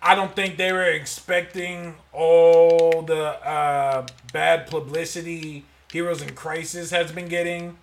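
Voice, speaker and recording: A man co-hosting a casual podcast chat, animated and emphatic, laughing often. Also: fairly high pitch, slow, few pauses, reverberant, distant mic. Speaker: podcast co-host.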